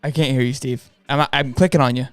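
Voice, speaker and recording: A man hosting a sports live stream, hoarse after losing his voice, talking in a hyped, rambling way and calling out to "boys and girls.". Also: mid-range voice, fairly even intonation, fairly quick, dry recording, faint music behind. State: hoarse, voice partly gone. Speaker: sports show host. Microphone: studio mic on a stream.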